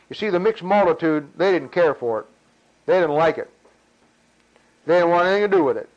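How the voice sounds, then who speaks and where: A man preaching a sermon in an animated, folksy way, acting out voices of the people in his story. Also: a little high, brisk, long pauses. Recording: dull lo-fi sound.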